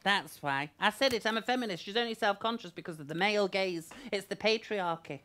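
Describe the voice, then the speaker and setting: A woman's voice: mid-range voice, animated, fast, heavy background noise. A woman hosting a comedy agony-aunt show, arch and theatrical, full of sardonic asides. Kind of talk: camp comic agony-aunt banter.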